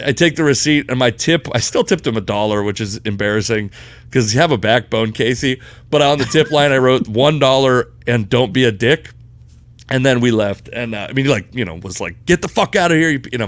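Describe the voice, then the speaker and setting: Podcast co-host, young adult man, animated storyteller, dry close mic. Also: mid-range voice, no echo. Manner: animated storyteller who gets loud and laughs at the peaks and swears freely. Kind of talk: casual chat, storytelling.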